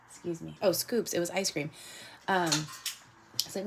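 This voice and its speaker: Gravelly low-voiced woman rambling while drawing. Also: normal speed, long pauses, noisy background. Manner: rambling, chatty, many fillers and asides; laughs often. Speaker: artist and show host. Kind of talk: casual chat while drawing.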